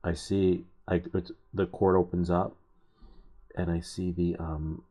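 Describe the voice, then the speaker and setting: Male stream host, deep dark husky voice, casual rambling chatter over soldering work. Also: flat delivery, a little slow. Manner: rambling, chuckling storyteller. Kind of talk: casual chat while soldering.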